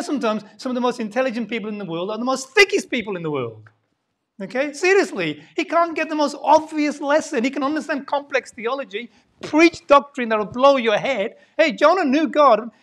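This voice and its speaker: Animated, dramatic woman preacher. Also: medium pitch. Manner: animated, dramatic, swings from loud to hushed. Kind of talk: sermon.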